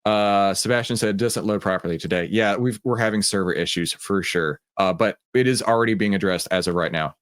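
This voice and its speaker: A man's voice: lowish voice, brisk, hardly any pauses, fairly bright tone. A man with a Texan accent hosting a casual live-stream about stock trading, chatting with viewers and greeting them by name with many fillers. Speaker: livestream host of a trading room.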